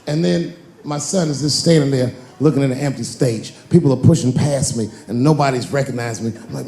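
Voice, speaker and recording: A man in his forties performing a stand-up comedy set on stage, telling a long story and jumping into high-pitched voices for the characters. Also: normal speed, gravelly, noisy background. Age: 40s. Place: large theater stage with a live audience.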